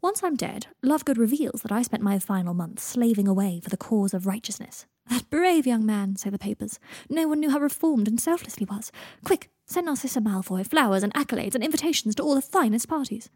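Woman reading a dramatic, snarky young guy, kinda high and breathy. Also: animated, a little fast, few pauses, darkish tone, dry recording. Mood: arch, theatrical. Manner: dry, arch and dramatic. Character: young man, theatrical and cheerily gloomy.

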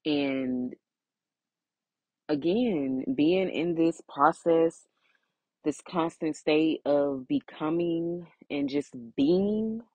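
A woman's voice: deep voice, very slow, a little mellow, no room sound, muffled recording. A woman hosting her own podcast in a heartfelt solo monologue. She sounds emotional and close to tears, and she stresses her points by repeating phrases. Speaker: podcast host.

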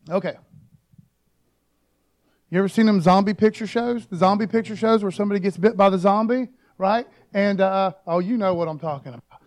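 A man's voice: high-pitched, darkish tone. A man preaching a casual sermon, joking, with frequent rhetorical asides. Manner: informal and joking, peppers talk with "man" and "okay?", quick rhetorical asides. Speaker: pastor.

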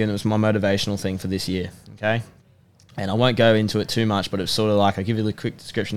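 Young guy, emphatic pep-talker, quick delivery, slightly low voice. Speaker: podcast guest, personal trainer and rugby player. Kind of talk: motivational casual chat.

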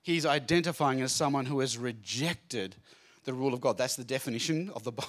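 A man giving a lively Bible talk to a live group, chatty and jokey, acting out the scenes as he goes. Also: medium pitch, a little fast. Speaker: speaker at a student Bible training night. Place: room with a live audience.

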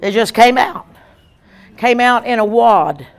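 A woman's voice: on the high side, takes it slowly. Emphatic woman evangelist preaching. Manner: emphatic, animated preaching with repeated lines. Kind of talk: sermon.

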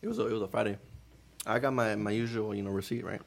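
A man with a low, gravelly voice tells stories in casual podcast chat. His talk is slangy and laced with cursing. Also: fairly even intonation, fast talker. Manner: slangy, profane storytelling. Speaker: podcast co-host.

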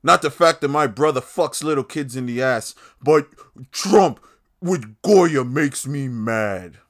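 A whiny male news anchor in over-the-top fake outrage, as a man mocks him, his words dragged out slowly and loudly at a raised pitch. The delivery is overwrought and sarcastic, like a parody of a cable news rant. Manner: mocking, drawn-out, overwrought.

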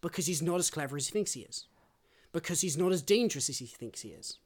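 A man of middling pitch co-hosts a relaxed book podcast. He tells stories with animation, slipping into the voices of the people in them. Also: quick pace. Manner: animated storyteller who acts out quoted voices. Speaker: podcast co-host. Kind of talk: casual book-club podcast chat.

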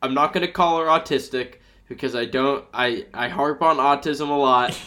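A young man hosts a casual podcast chat, rambling through a crude story packed with fillers. His voice is mid-range with a sharp tone, and he speaks at a moderate pace.

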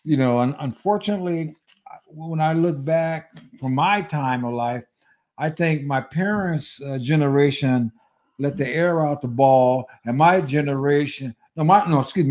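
A man's voice: on the high side, moderate pace, a little mellow. A man hosting a political podcast, talking in an emphatic, preachy, conversational way. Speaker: podcast host.

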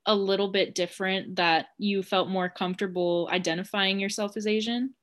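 Supportive woman co-host, mid-pitched. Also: fairly even intonation, normal speed, a bit bright. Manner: supportive, asks long rambling questions. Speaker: podcast co-host. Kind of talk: casual interview conversation.

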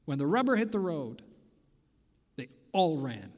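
High-voiced preacher guy, slow and dramatic, swings from loud to hushed, big echoey church sound. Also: big pitch swings. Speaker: pastor. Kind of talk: sermon. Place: church sanctuary.

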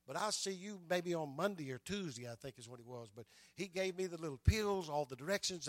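A man's voice: fairly high pitch, lively intonation, fairly quick, hardly any pauses, a bit bright, dry recording. An older man preaching a sermon and telling his own stories, stumbling over repeated words and adding "amen" between his lines. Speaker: pastor.

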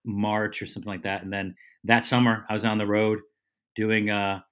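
A middle-aged comedian and TV host with a smooth, lowish voice tells a casual, rambling story as a podcast guest. He's a lively storyteller who keeps making quick corrections to himself along the way.

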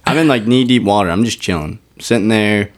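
A man's voice: on the low side, fairly quick. A man telling a story in casual chat with friends, cursing freely and acting out what people said. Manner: profane, animated storyteller acting out quotes. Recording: lively crowd noise behind.

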